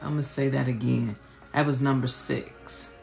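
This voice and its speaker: A woman's voice: very deep voice, fairly even intonation, moderate pace, vocal fry, dark tone, soft background music. A woman preacher giving an impassioned, colloquial teaching sermon on a live stream, repeating rhetorical questions.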